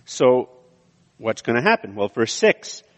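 A man's voice: mid-range voice, big pitch swings, measured pace. Man preaching in a reverberant hall. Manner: conversational, with frequent restarts and fillers. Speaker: pastor. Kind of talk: sermon.

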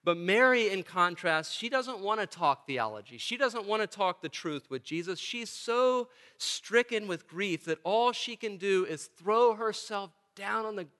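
Male pastor, sermon delivery, emphatic with repeated phrases; voice sits a bit high and bright. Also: animated, a little slow, few pauses.

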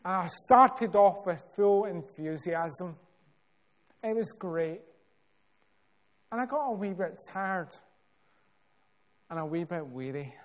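A Scottish man preaching a sermon, telling a story with measured, dramatic pauses and building emphasis. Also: high voice, expressive.

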